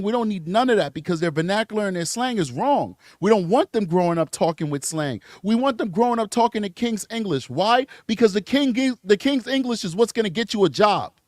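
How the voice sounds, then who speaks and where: A man's voice: high voice, dry recording, studio quality. An American man hosting a live true crime show, giving emphatic, rambling commentary on clips and reading viewer chat.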